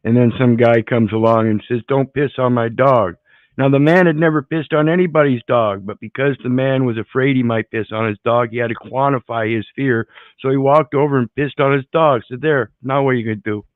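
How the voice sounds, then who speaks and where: A man's voice: medium pitch, brisk, hardly any pauses, no echo. Wry man on a dull dry call line. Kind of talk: casual panel talk, telling anecdotes.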